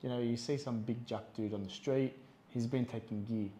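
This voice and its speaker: Casting note: male podcast co-host, lively storyteller who acts out quotes, faint hiss behind. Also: mid-range voice, moderate pace. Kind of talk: casual chat.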